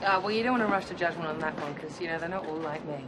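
An actress playing a playful young woman student who tells a bawdy joke in a lively way, in a film scene. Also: sits low, very fast, very noisy, close to an everyday voice. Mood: teasing. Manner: teasing, lively storyteller. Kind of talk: film dialogue. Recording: film scene with music behind.

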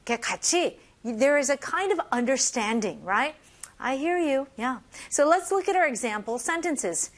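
A woman teaching English phrases to learners, switching between languages, modeling lines slowly and laughing between points. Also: high voice, lively intonation. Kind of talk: bilingual language lesson.

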